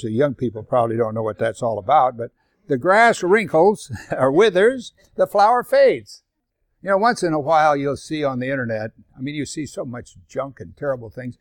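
A man's voice: mid-range voice, dry recording, clean studio sound. An older man leading a Bible study in a sermon style, reading scripture aloud between conversational asides.

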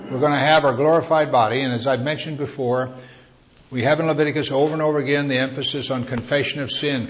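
A man's voice: mid-range voice, fairly bright tone. A man preaching a sermon in a conversational teaching style, asking his listeners questions and lifting his voice on key words. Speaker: pastor.

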